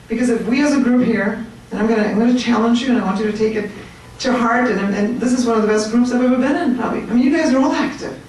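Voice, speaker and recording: A woman giving an animated, chatty talk to a room of people, joking with her audience. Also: on the high side, slight background noise. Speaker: speaker at a political meetup. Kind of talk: lively speech to a crowd. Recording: echoey room, mic at a distance.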